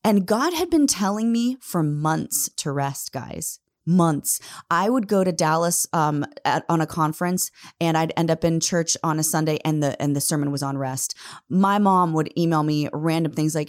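A woman's voice: low voice, normal speed. A woman in her thirties giving an earnest, emphatic motivational talk, often addressing listeners directly as "guys.". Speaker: motivational speaker.

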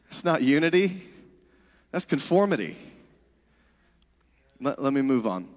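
A man's voice: mid-range voice, very animated, a little slow, in a large hall. A middle-aged male pastor preaching a sermon in a conversational way, with asides to the congregation.

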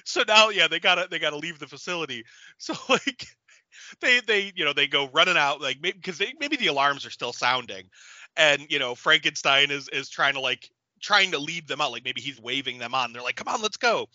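Male co-host, lively swinging pitch, slightly dull lo-fi mic. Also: brisk, no echo. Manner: animated, laughs often, acts out characters. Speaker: podcast co-host. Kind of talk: casual brainstorming chat.

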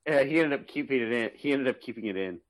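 A man's voice: mid-range voice, expressive, fast. A man co-hosting a casual movie podcast over a remote call, laughing often and swearing casually. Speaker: podcast co-host.

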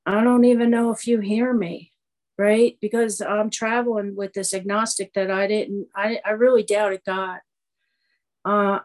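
A middle-aged woman shares her story at a recovery meeting. She talks in a loose, rambling way, full of fillers and false starts, at an ordinary pitch for a woman. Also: low-quality recording. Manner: conversational, rambling, many fillers and restarts. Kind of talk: personal testimony storytelling.

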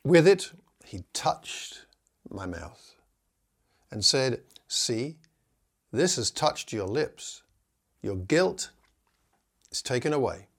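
A man of ordinary pitch teaches would-be preachers in an earnest, encouraging tone. When he reads scripture aloud, his delivery turns slow and measured, with a deliberate weight on each phrase. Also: breathy edge. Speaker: preaching instructor. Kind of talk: teaching talk with scripture reading.

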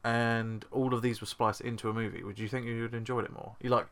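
A man's voice: mid-range voice, level tone, quick pace, a bit bright. A man co-hosting a casual podcast, rambling and teasing as he retells plots. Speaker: podcast co-host. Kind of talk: casual chat.

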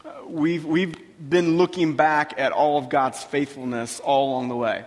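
A man's voice: a little high, fairly even intonation, normal speed. A man speaking earnestly and humbly as an incoming pastor, sometimes restarting his phrases. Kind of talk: casual chat. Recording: reverberant church hall.

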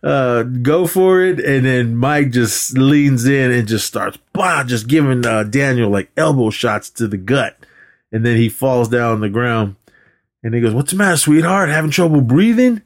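A man co-hosting a movie podcast, retelling scenes in a casual, animated way and acting out the characters' lines with laughs. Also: medium pitch, unhurried. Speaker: podcast co-host.

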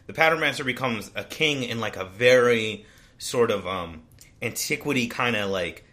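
A man's voice: medium pitch, lively intonation, moderate pace, bright, forceful tone. A man co-hosting a casual book discussion podcast, summarizing the plot in a rambling way with frequent restarts. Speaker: podcast co-host.

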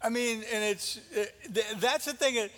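A man preaching a sermon as a pastor, animated and dramatic, often repeating himself as he builds a point. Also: very high voice, moderate pace. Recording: long hall reverb.

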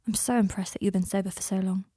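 A steady, protective young man, read by a woman, speaking calmly and quietly. The voice is husky and the sound is dry and close. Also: mid-range voice, fast talker, dry recording, lightly acted. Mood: gentle.

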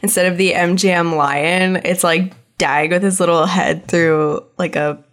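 Young woman co-host, slightly low voice, loose chatty delivery full of fillers. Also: fairly even intonation, a little slow, a bit bright. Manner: chatty, many fillers, laughs often. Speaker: podcast co-host. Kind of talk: casual chat.

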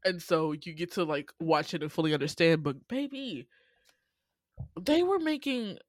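A woman's voice: on the low side, lively intonation, normal speed. A woman co-hosting a podcast, telling stories in loose, profane casual chat full of slang.

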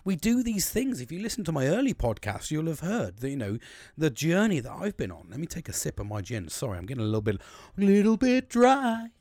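A man's voice: medium pitch, sing-song, quick pace, darkish tone, no room sound. A man in his thirties hosting a late-night podcast, talking candidly and rambling with frequent swearing and restarts. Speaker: podcast host.

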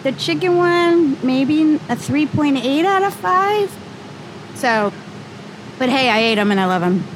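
A woman's voice: high voice, animated, measured pace, a little hiss or hum, low-quality recording. A woman guest chatting in a bubbly way. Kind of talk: casual chat.

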